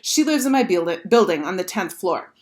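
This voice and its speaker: A woman teacher reading a children's chapter book aloud with expressive, animated storytelling. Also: on the low side, normal speed.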